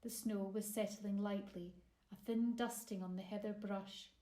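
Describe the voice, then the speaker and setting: Slow woman reading a storybook. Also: mid-range voice. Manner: expressive, measured storytelling. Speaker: author narrating her own children's story. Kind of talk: storybook narration. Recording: roomy echo.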